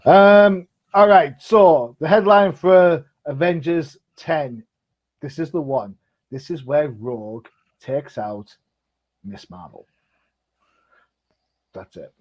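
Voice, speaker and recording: A man's voice: on the high side, takes it slowly, pauses often, dull audio. A man, co-hosting a casual comic book chat show, talkative and jokey with frequent ums. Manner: chatty, jokey, lots of ums. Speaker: comic podcast co-host.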